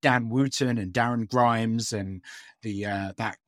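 A man's voice: fairly low pitch, fairly even intonation, measured pace, no echo, studio quality. A man co-hosting a podcast in casual chat, talking hesitantly with lots of fillers and restarts. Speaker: podcast co-host.

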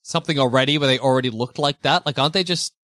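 A man's voice: mid-range voice, fairly bright tone, no echo, studio quality. A man hosting a comedy podcast, chatting enthusiastically and swearing freely as he riffs with friends. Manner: enthusiastic, swearing, quick to agree. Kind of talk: casual comedic chat.

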